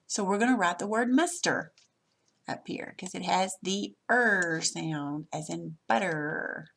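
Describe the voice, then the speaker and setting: A woman's voice: on the low side, takes it slowly, vocal fry, a bit bright, a little hiss or hum. A woman teacher patiently walking through a worksheet lesson step by step, recorded over her screen.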